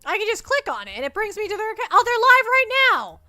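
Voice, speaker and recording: A woman streamer chatting casually on a livestream, excitable and giggly, often stammering and restarting. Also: very high voice, quick pace, soft background music. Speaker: VTuber streamer.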